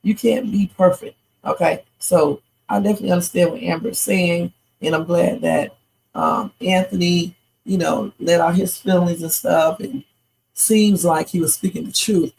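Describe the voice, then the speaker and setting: A woman's voice: on the low side, steady tone, normal speed, creaky, a little mellow, a little hiss or hum, rough recording. A tired woman hosting a live reaction stream, chatting and rambling with preachy asides. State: sleepy, tired. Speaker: livestream reaction host. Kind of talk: casual live reaction commentary.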